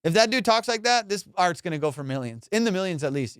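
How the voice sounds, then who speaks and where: A man hosting a comedy podcast, ranting in a casual, profane, animated way and slipping into mock voices. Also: high voice, quick pace, smooth, no room sound, clean studio sound. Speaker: podcast host.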